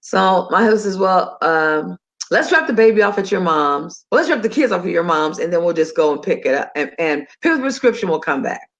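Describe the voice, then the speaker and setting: A middle-aged woman telling a personal story in a casual, animated way, acting out both sides of her phone calls. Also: fairly low pitch, a little fast, muffled recording. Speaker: talk show host sharing a personal story.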